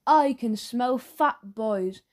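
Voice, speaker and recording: A woman's voice: a little high, slow pace, a little mellow. A woman voicing a pair of hulking bully twins in a storybook, speaking in a taunting, menacing way. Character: two hulking bully twins, boy and girl.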